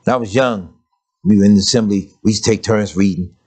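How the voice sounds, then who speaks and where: A man's voice: lowish voice, fast talker, a little mellow. An older man preaching a sermon, telling family stories and briefly mimicking the voices of his parents and grandmother.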